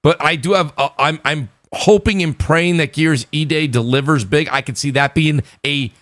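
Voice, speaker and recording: A talkative man with a New York accent runs a relaxed gaming panel. His voice sits a little high for a man. It comes through a close mic in a dry, dead room. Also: moderate pace, no room sound. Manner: animated, talkative, slips into quoted voices. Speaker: podcast host. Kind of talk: casual gaming panel chat.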